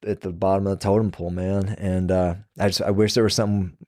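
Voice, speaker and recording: Profane ex-prison sergeant telling stories. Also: male voice, deep voice, flat delivery, quick pace, darkish tone, no room sound, studio quality. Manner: loose and profane, acts out quoted dialogue. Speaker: former prison sergeant, podcast guest. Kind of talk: casual storytelling conversation.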